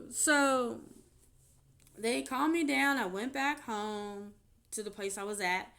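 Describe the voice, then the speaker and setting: A woman's voice: on the high side, slow pace, vocal fry, fairly bright tone. A woman vlogger telling a personal story in an unscripted, rambling way, often restarting her sentences. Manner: rambling, emotional retelling with frequent restarts.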